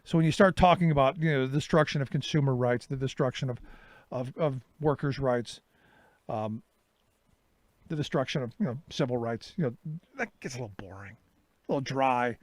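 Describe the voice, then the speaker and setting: A man's voice: medium pitch, normal speed, darkish tone, dry recording. A middle-aged male talk show host telling a story in a casual monologue and acting out his own exchanges.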